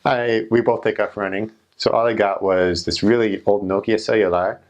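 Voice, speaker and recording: A young man with a somewhat low voice tells a story, rambling and chatty. He leans on "like" fillers and loose restarts as he goes. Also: steady tone, moderate pace, highs cut off. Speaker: returned missionary. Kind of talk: casual storytelling.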